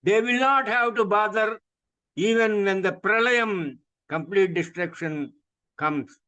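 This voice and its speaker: A man's voice: high-pitched, slow, pushed and bright. A man with an Indian English accent gives an emphatic spiritual lecture over a video call. He repeats his points and asks rhetorical questions. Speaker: scripture teacher. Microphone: video call microphone. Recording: dull, muffled video call audio.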